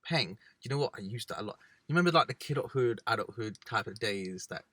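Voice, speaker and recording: A man's voice: on the low side, lively intonation, quick pace, pushed and bright, dry recording. A young man co-hosting a casual chat, laid-back and chatty, sometimes slipping into slang voices. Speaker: podcast co-host. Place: parked car.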